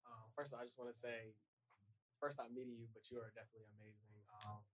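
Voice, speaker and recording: Young guy in the crowd asking a question, super fast, flat voice, dry. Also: mid-range voice, rough recording. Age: young adult. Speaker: audience member asking a question.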